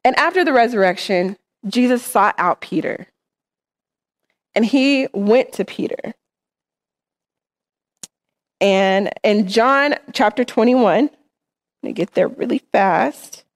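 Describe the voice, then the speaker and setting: A woman's voice: a little high, slow, long pauses. A woman preaching in church, talking in an earnest, conversational way and often checking in with her listeners. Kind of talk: sermon.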